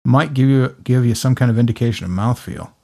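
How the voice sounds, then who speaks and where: A man's voice: mid-range voice, a little fast, creaky. A man casually reviewing a beer, musing aloud and often restarting his sentences. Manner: relaxed, musing, stumbles over words. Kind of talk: casual tasting chat.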